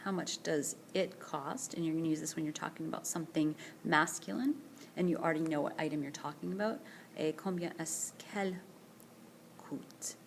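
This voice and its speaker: A woman teacher recording a screencast vocabulary lesson, speaking slowly and carefully and repeating each word for pronunciation practice. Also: low-pitched, vocal fry, slight background noise. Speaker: French teacher. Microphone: tablet screencast voice-over.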